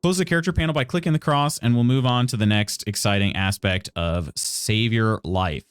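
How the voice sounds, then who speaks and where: A man's voice: mid-range voice, quick pace, smooth, dry recording. A man streaming a game live, reading tutorial text aloud and adding playful, wry asides to chat.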